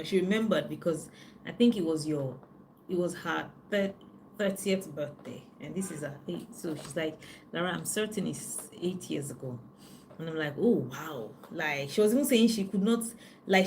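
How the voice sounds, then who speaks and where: A woman, a life coach chatting with viewers on a live stream, telling stories in an animated way. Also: on the low side, slight background noise. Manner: chatty, animated storytelling with frequent "you know".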